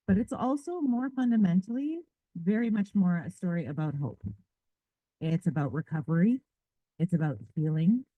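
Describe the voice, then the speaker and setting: A woman's voice: lowish voice, no room sound. Earnest woman on thin, phone-like audio. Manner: earnest, building long lists of short phrases. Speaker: librarian defending a book in a debate. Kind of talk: prepared persuasive speech to a live audience. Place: public library event.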